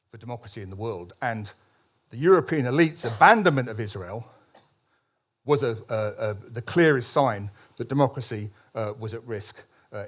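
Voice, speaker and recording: A man, a columnist, giving a public speech at a political meeting, emphatic, with frequent restarts and ironic asides. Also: mid-range voice.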